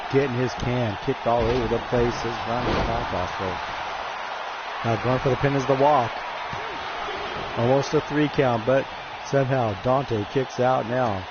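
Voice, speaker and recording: A man calls a wrestling video game match in jokey announcer patter, stumbling over his words and restarting lines while tossing "folks" at his viewers. His voice sits at an ordinary middle pitch. The audio is muffled and dull, buried under a roaring game crowd and loud noise. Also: measured pace. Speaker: wrestling game commentator and stream host. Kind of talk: play-by-play commentary on a video game stream.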